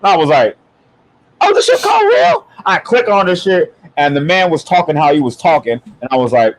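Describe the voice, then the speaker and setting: A man hosting a podcast in casual chat, animated and rambling, laughing often as he tells stories. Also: fairly high pitch, a little fast, poor audio. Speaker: podcast host.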